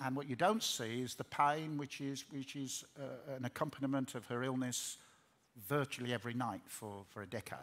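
A man's voice: medium pitch, a bit bright. A middle-aged man preaching a sermon in earnest, repeating words as he builds up. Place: large hall.

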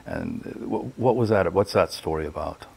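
Low-voiced halting male interviewer. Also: creaky, a little mellow, breathy edge, low-quality recording. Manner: halting, with many restarts. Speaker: interviewer, professor. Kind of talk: casual interview.

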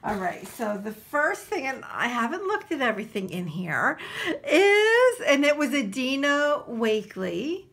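A woman from New Jersey chatting casually to her camera as she unboxes craft supplies, gushing and excited, with lots of fillers. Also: high-pitched, a little slow, husky. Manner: gushing and excitable, full of exclamations. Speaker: craft vlogger.

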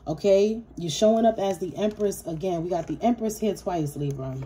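A tarot reader gives a casual, blunt and profane reading, addressing the viewer directly and repeating herself for emphasis. Her mid-range voice has a dark tone and moves at a moderate pace.

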